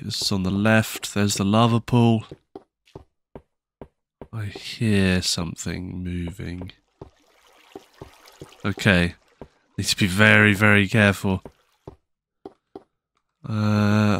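A man's voice: on the low side, steady tone, slow, pauses often, a bit bright. A man giving casual, nervous commentary while playing a video game, with frequent startled exclamations and self-mocking asides. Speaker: gaming channel host.

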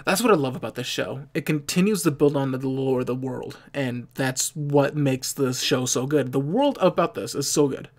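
A young man talks his way through an anime reaction video in a loose, casual ramble. His voice has a gravelly, fried edge and sits at an ordinary middle pitch. He often stops, restarts and fixes his own words as he thinks out loud. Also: normal speed, hardly any pauses. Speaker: anime reaction channel host.

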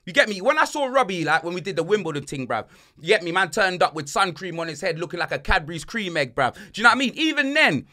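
Animated high bright bloke. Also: male voice, quick pace. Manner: animated, slangy, swings loud and soft. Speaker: podcast host. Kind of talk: casual banter podcast.

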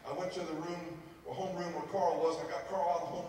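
A man preaching as a pastor, telling a story in an animated, humorous way. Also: on the high side, fast talker, slight background noise. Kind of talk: storytelling sermon. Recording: echoey hall, mic far off.

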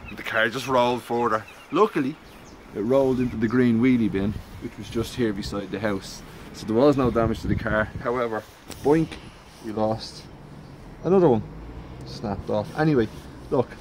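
Chatty Dublin man, noisy outdoors. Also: lowish voice. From North County Dublin, Ireland. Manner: chatty, rambling, self-deprecating, prone to sidetracks. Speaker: classic car hobbyist. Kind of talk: casual how-to car repair vlog. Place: outdoors by a house in the cold.

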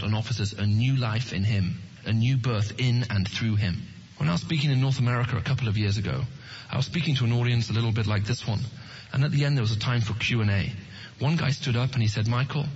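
A man's voice: medium pitch, slightly rough, highs cut off. A man giving an earnest evangelistic talk to an audience, often asking them questions. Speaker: Christian apologetics speaker.

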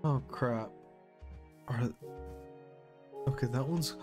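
Jumpy gaming man, slow-talking, game music. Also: mid-range voice. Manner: jumpy, gasping, exclaiming often. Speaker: gaming YouTuber. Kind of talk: Minecraft let's play commentary.

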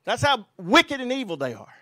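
A man preaching a fiery, emphatic sermon as a pastor and quoting scripture forcefully. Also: very high-pitched, big pitch swings, normal speed, no room sound.

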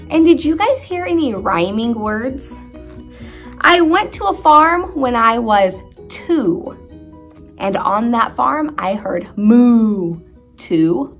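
A woman preschool teacher reading a poem aloud slowly to young children and asking them questions. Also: fairly high pitch, a bit bright. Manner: slow, sing-song teacher talk with questions to the children.

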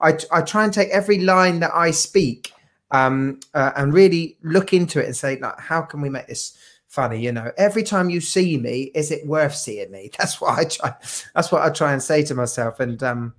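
Here the guest watch collector's voice is on the high side and a bit bright, at a normal speed. Chatting on a live video call, he keeps the live-stream talk jokey and rambling, full of fillers and restarts.

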